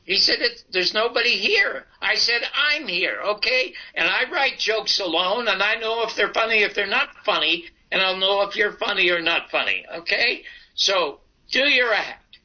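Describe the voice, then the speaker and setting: This comedian and talk show host, a man in his eighties, narrates a long story and performs both parts of the conversation. His high-pitched voice has lively intonation, a moderate pace and few pauses, captured in dull, lo-fi broadcast sound.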